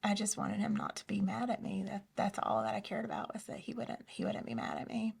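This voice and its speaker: A woman telling her personal story in an interview, soft-spoken and hesitant, often dropping to a near whisper. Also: mid-range voice, flat delivery, a little fast, gravelly, breathy edge, far from the mic. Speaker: interview guest. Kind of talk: personal testimony in a conversation.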